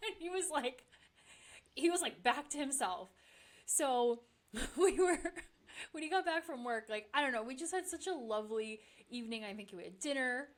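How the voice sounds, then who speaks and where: Woman podcast guest, rambly and giggly, highish voice, super casual. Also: lively intonation, normal speed. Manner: chatty, laughs often, many fillers. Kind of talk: casual chat.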